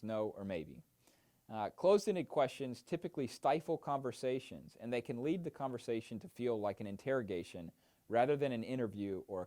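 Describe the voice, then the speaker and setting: A man explaining mentoring techniques in a training lesson, with a lively, animated intonation that rises and falls through each point. He speaks in a clear instructional manner and often pauses on an "uh.". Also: mid-range voice. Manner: explanatory, with frequent "uh" fillers. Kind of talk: instructional narration.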